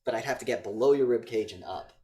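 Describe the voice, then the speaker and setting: A man's voice: medium pitch, fast, slight background noise. A man co-hosting a podcast, casually recapping a film's plot with lots of swearing and acted-out lines. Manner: animated retelling with acted-out quotes, frequent swearing. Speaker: podcast co-host. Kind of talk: casual movie review chat.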